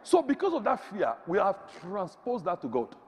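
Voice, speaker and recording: Preacher from Africa, male, husky high voice, lively swoops, long hall reverb. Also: moderate pace, slight background noise. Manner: preaching with sudden shouts and swings in pitch. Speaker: pastor. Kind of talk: sermon.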